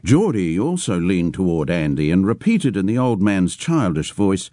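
A man with a very deep voice reads a story aloud, shifting his tone expressively. The sound is close and dry, with no room around it. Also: very animated, moderate pace, warm tone, dry recording. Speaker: reader. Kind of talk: storybook reading.

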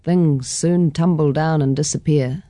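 A woman doing a gentle, nostalgic grandmother. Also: deep voice, fairly even intonation, no room sound, studio quality. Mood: reminiscing. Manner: slow, soft, reminiscing.

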